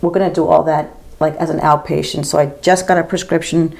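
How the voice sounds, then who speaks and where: A woman's voice: low voice, fairly even intonation, fairly quick, creaky, a little mellow. A woman in her fifties chatting casually to her camera as she does her makeup, telling a rambling story with lots of "girl" and "like.". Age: 50s. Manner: gossipy, rambling, says girl and like a lot. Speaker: makeup vlogger and nurse.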